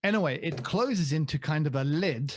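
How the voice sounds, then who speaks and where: A man's voice: fairly high pitch, lively intonation, moderate pace. A man co-hosting a podcast in casual chat, rambling and joking at his own expense. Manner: rambling, jokey, self-deprecating. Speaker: podcast co-host.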